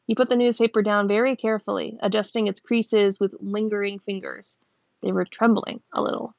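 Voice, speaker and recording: A woman reads a novel aloud in a gravelly, creaky voice, nudging her pitch up a little when characters speak. The recording is dry and somewhat dull, with no room sound. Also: level tone, fairly quick, a little mellow, no room sound. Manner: stops to check a word's pronunciation and laughs. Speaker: reader.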